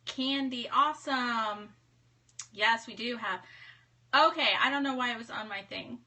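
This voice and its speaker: Her voice is a little high, pushed and bright, and she's in no rush. This thirtysomething livestream host chats from her home office, cheerfully greeting viewers by name.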